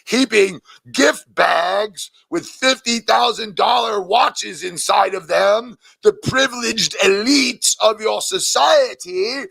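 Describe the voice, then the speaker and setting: A man as gravelly alien monster frontman. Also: high-pitched, no room sound, full character voice. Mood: furious. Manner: brash, vulgar, erupts into shouting rants. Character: crude ranting male alien monster rock frontman. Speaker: singer in an interview clip.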